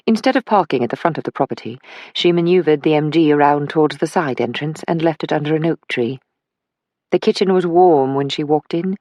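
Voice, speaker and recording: A narrator reads a mystery novel at a measured, even pace. The sound is dry and close, with no room around the voice. The pitch sits in an ordinary middle range. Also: dry recording. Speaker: audiobook narrator. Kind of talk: scripted audiobook narration.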